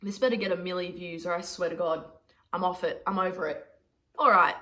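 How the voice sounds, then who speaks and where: A woman's voice: lowish voice, steady tone, brisk, sharp tone. A young Australian woman telling a story to camera in a chatty, sweary, self-mocking vlog. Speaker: vlogger.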